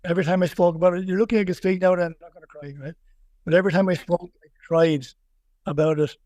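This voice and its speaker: Wexford Irish man, higher voice, dry sound. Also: darkish tone, dry recording. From Ireland. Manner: rambling, many restarts and repeated words, laughs easily. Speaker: boxing coach, guest. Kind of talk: casual podcast interview.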